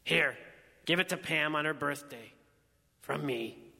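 A man voicing a gruff, brusque male auctioneer with hard-selling patter, in a story reading. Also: on the high side, unhurried, bright, forceful tone, long reverb tail, full character voice.

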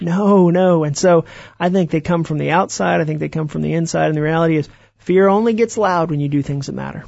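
A man, an author being interviewed, telling stories in an animated way and acting out the voices he quotes. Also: a little high, brisk, vocal fry, no room sound, muffled recording. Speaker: author guest. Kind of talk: interview conversation.

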